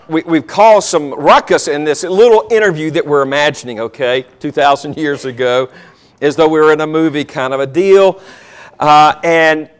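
A man preaching a sermon, telling a Bible story dramatically and acting out the characters. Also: on the high side.

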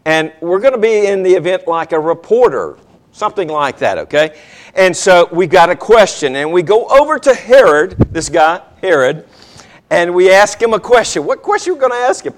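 A man's voice: sits high, animated, normal speed. A man preaching a sermon, telling a Bible story dramatically and acting out the characters.

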